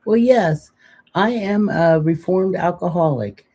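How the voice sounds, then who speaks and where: A woman's voice: lowish voice, slow pace, dark tone, husky. An older woman co-hosting a casual live chat, talkative and joking, rambling into long stories. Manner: chatty, joking, rambling storyteller. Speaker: co-host.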